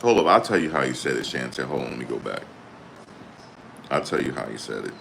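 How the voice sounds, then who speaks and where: Man, extremely low voice, commentary host, reads aloud then reacts, animated, blunt, slang, light background noise. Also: a little fast, vocal fry. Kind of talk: reading court updates aloud and reacting. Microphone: desktop USB microphone.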